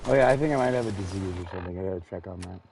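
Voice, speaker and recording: A man's voice: low-pitched, very fast, vocal fry, darkish tone, a little hiss or hum, poor audio. Rambling male game streamer. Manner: rambling, self-interrupting. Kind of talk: casual gameplay commentary.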